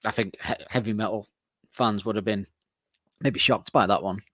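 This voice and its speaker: Male co-host of a music podcast, low, dry close-up sound, rambling chat with frequent laughs. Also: steady tone, normal speed, a bit bright, no echo. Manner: chatty and rambling, laughs often.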